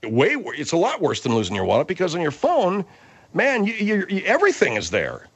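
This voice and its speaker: A brash male radio host on a comedic talk show, combative and quick to yell. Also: high-pitched, huge pitch swings, breathy edge. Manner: brash, combative, bursts into yelling.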